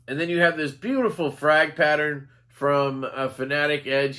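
A man's voice: on the high side, sharp tone. An American man giving a casual, rambling knife review, enthusiastic and profane, with lots of fillers.

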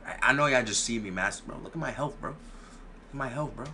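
A man's voice: medium pitch, fast talker, pushed and bright, slight background noise. A young man giving casual gameplay commentary, playful and boastful, full of slang and repeated phrases. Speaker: gaming YouTuber.

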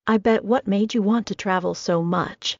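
A woman voicing a gentle, hushed young man. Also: medium pitch, moderate pace, no room sound, natural voice. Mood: confiding. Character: tender young man, soft-spoken and caring. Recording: dull lo-fi dry recording.

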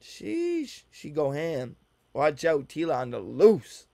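Gravelly man mocking a video. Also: a little high, a little slow, dark tone, dry recording. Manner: teasing, loose and profane. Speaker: reaction commentator. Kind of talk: joking reaction commentary. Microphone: desk mic, looking at a screen.

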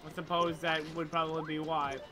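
A woman streamer chatting excitedly while playing a game. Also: low voice, fairly quick, music in the background. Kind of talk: let's play commentary.

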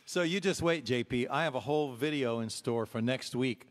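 A man's voice: mid-range voice, moderate pace, in a large hall. A man hosting a livestream music show from his back yard, bantering and teasing his bandmate between songs. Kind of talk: casual chat between songs.

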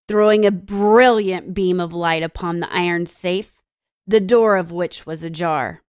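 Slow, expressive woman storyteller. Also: fairly low pitch, clear, resonant tone, no room sound, clean studio sound. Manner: expressive storytelling with dramatic pauses. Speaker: teacher. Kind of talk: reading aloud and explaining a story to children.

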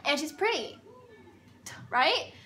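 A woman's voice: high voice, sing-song, slow, bright, forceful tone, slight background noise. A woman telling a storytime vlog in a chatty, rambling way. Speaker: vlogger.

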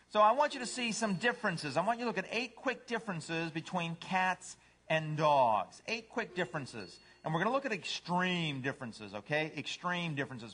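Middle-aged male pastor, sermon delivery, very lively melody, slightly high-pitched, acts out silly voices. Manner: animated, puts on voices for cats and dogs.

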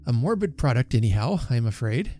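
A man's voice: mid-range voice, sing-song, fast, warm tone, soft background music, lightly acted. A man reading aloud, voicing an absent-minded, rhetorical Victorian bacteriologist. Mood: musing. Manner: declamatory.

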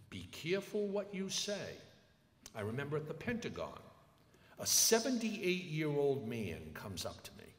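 Older guy lecturing, slow and emphatic, lots of pitch swing, echoey hall. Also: wildly swooping pitch. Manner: emphatic storytelling with acted quotes. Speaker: lecturer, attorney. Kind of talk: public lecture. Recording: echoey hall with long reverb.

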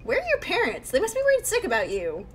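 A woman's voice: very high voice, huge pitch swings, fast, a little hiss or hum, voice pushed up, full character voice. A woman voicing a wary young guesthouse owner in a dry, mildly sarcastic tone. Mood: wry.

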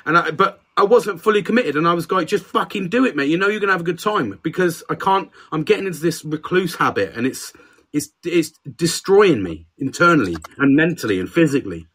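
A man's voice: fairly high pitch, expressive, fairly quick, fairly bright tone, slightly rough. A man co-hosting a podcast, talking candidly and swearing in casual banter. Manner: sweary, candid, self-deprecating. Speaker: podcast co-host.

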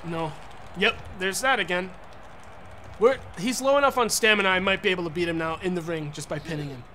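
A man's voice: high-pitched, fairly quick, slight background noise. Frustrated, swearing young male streamer. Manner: profane, frustrated, yelling at the game. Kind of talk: gaming commentary.

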